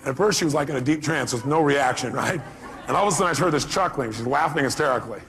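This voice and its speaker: A man's voice: medium pitch, quick pace, a crowd in the background. A man giving a live motivational seminar speech, talking emphatically and firing rhetorical questions at the audience. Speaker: motivational speaker.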